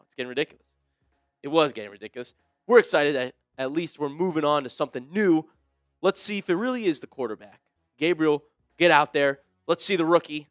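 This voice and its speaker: A man hosting a live sports talk stream, chatting excitedly with viewers and a co-host. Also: no room sound. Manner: excitable, jumps up in pitch when fired up. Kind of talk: livestream sports chat.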